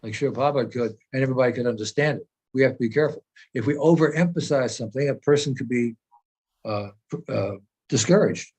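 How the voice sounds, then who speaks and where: A man's voice: medium pitch, quick pace, a little mellow, slightly rough. A man speaking as a spiritual teacher in an informal discussion, earnest and explanatory, often repeating phrases as he searches for words.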